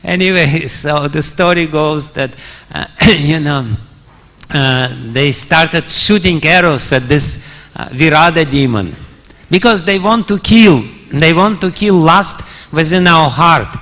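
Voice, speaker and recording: A man's voice: a little high, slow pace, pushed and bright. Chuckling male preacher in a temple hall. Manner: chuckles often, many fillers. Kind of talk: storytelling sermon.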